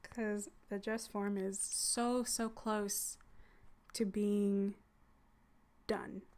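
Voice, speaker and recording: A woman hosting a casual livestream chat as a hypnosis content creator, soft and teasing, often dropping into a whisper. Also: mid-range voice, flat delivery, very slow.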